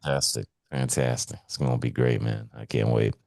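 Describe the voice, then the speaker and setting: A man co-hosting a podcast in casual chat, excitable and swearing freely, swinging between loud bursts and hushed asides. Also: very deep voice, a little fast, vocal fry, no echo, studio quality. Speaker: podcast co-host.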